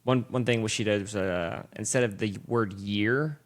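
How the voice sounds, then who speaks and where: A man hosting a podcast, chatting casually with quick, relaxed back-and-forth. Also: lowish voice. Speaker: podcast host. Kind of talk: casual chat.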